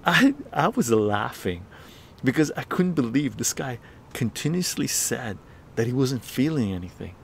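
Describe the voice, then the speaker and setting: A man hosting a livestream tells a story casually, full of swearing and laughter. His voice is medium-pitched with vocal fry, a bit slow, and there's slight background noise.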